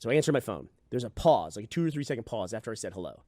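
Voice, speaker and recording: Fast-talking podcast host telling a story. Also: male voice, fairly low pitch, no echo, clean studio sound. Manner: animated, swears, acts out conversations.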